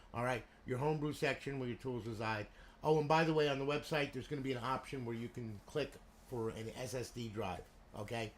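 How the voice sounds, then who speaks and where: A man's voice: medium pitch, fairly bright tone, slight background noise. A man casually walking through a game console build he sells, chatty and full of "you know" and "okay" fillers. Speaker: console modder and seller. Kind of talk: casual product walkthrough.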